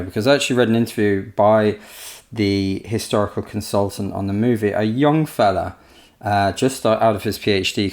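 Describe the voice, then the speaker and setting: Chatty man telling a story on a podcast. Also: fairly low pitch. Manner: chatty, storytelling, animated impressions. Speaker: podcast co-host, historian. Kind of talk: casual podcast discussion.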